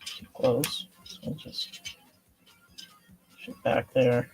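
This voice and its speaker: A man's voice: mid-range voice, steady tone, very slow, soft background music. A man casually thinking aloud while assembling a kit, muttering to himself with self-deprecating asides. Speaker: kit builder streaming a build.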